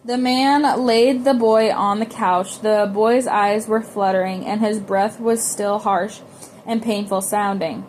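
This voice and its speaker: A woman's voice: mid-range voice, steady tone, takes it slowly, a little mellow, a little hiss or hum. A woman reading a novel aloud in an unpolished way, often stumbling and restarting words. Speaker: audiobook reader.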